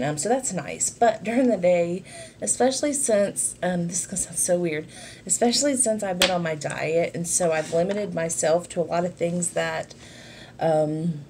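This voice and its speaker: Woman, fairly low voice, rambling casual vlog chat, lots of fillers. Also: a little mellow, slight background noise. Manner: rambling, chatty, many fillers and asides. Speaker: vlogger. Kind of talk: casual sit-down chat while doing makeup.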